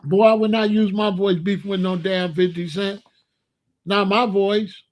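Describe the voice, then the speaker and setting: Exasperated ranting man, fairly high voice. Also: little pitch movement, measured pace. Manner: incredulous, exasperated, scolding. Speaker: commentator. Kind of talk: ranting commentary to camera.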